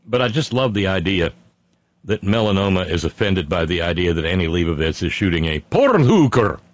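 A man's voice: sits low, steady tone, brisk, dry recording. A man hosting a comedy talk stream, reading viewer comments with sardonic, profane asides.

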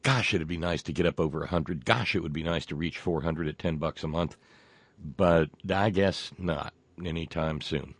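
A man hosting a talk radio show and making a fundraising pitch, rambling and halting with many fillers and restarts, adding wry, folksy asides. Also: husky, dry recording.

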